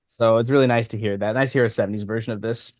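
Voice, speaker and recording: A man's voice: on the low side, fairly even intonation, racing, darkish tone, no echo. A man co-hosting a music podcast, giving short, agreeable comments. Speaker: podcast co-host. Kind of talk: casual chat. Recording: dull dry lo-fi mic.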